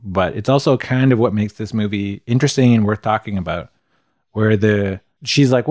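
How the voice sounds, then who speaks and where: A man's voice: on the low side, moderate pace, a little mellow, no echo, clean studio sound. A man co-hosting a podcast, chatting casually about a film in a laid-back, rambling way. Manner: laid-back, rambling, chuckles at his own jokes. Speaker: podcast co-host. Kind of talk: casual film review chat.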